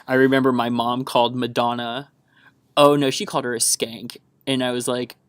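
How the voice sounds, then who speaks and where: A man's voice: mid-range voice, level tone, moderate pace, smooth, no room sound. A young man from the American South rambles on a solo podcast, chatty and hyper on a caffeine buzz. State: wired on caffeine. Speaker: podcast host.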